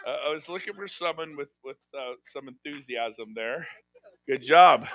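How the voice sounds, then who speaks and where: High-energy man working a seminar crowd. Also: normal speed, fairly bright tone, dry recording. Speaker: seminar speaker. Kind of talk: motivational sales seminar talk. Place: hotel conference room.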